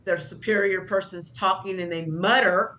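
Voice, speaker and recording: A woman's voice: medium pitch, fairly even intonation, normal speed, pushed and bright, slight background noise. A middle-aged woman instructor giving a conversational classroom lecture, speaking about herself plainly and acting out short example lines. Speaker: job training instructor.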